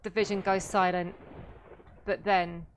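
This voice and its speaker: A woman narrating as dungeon master of a tabletop game, in a slow, drawn-out storytelling manner. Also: on the low side, flat delivery, a little hiss or hum.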